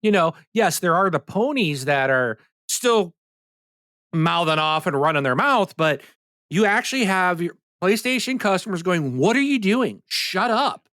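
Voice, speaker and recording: A man's voice: sits high, expressive, measured pace, sharp tone, no room sound, clean studio sound. A man co-hosting a gaming podcast, ranting in a heated, indignant way during a casual chat. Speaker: podcast co-host.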